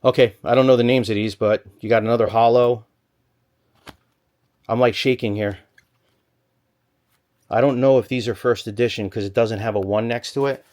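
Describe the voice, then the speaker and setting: A man vlogging from a storage locker, rambling and thinking aloud in an excited stop-start way, a little out of breath. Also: medium pitch, normal speed, pauses often. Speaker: storage unit reseller. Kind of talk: excited unboxing vlog.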